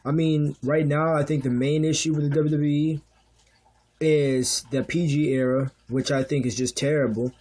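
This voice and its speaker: A young man rants off the cuff, heated and profane, tripping over restarts as he pushes his point. His voice sits a little high for a man. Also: steady tone, moderate pace, a little mellow. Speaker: vlogger. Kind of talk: unscripted rant.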